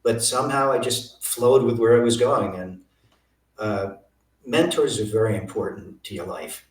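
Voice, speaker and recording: A man's voice: fairly low pitch, normal speed, roomy sound, distant mic, poor audio. A man telling stories as an interview guest, acting out the dialogue he quotes. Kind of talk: storytelling interview.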